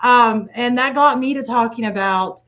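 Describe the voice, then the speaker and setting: A woman's voice: on the high side, normal speed, fairly bright tone, muffled recording. A middle-aged woman from Tennessee hosting a podcast, telling stories in a loose, rambling way with many fillers. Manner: rambling, filler-heavy storytelling. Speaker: podcast host. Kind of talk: casual podcast chat.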